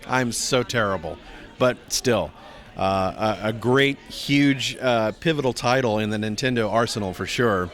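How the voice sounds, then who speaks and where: A man's voice: measured pace, faint music behind. A middle-aged man, a voice actor, chatting in a convention interview and acting out quoted lines with big swings in his voice. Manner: animated storyteller, acts out quotes with big pitch jumps. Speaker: voice actor guest.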